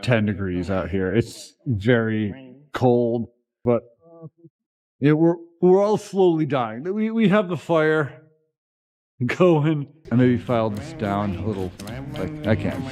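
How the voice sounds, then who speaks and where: A man's voice: medium pitch, expressive, slow, a little mellow. A young man with a mid-range voice chats casually on a winter camping vlog, joking and rambling through fillers and restarts. He is recorded on a handheld camera out in the cold and inside an open farm building. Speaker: vlogger.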